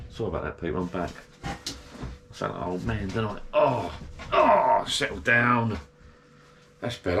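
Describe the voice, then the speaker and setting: A man's voice: mid-range voice, a bit bright, slight background noise. A man chatting casually to an action camera in his garden shed bar, rambling and grumbling. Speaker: vlogger.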